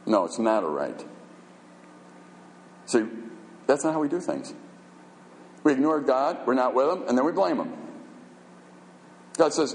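Male pastor, conversational but emphatic sermon voice, mid-range pitch, live church reverb. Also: lively intonation, unhurried, pauses often. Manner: emphatic and conversational, firing rhetorical questions. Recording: echoey hall reverb.

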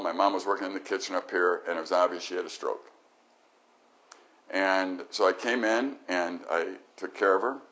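Older male pastor, loud to hushed. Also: low voice. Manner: animated, swings from loud exclamations to quiet reflection. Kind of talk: sermon. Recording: dull lo-fi recording.

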